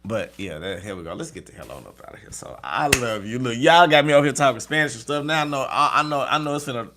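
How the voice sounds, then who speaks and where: A man's voice: mid-range voice, animated, fast talker, noisy background. A man who reads tarot, chatting casually with his viewers, often asking "okay?" and laughing at his own stumbles. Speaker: tarot reader. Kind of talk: casual livestream chat.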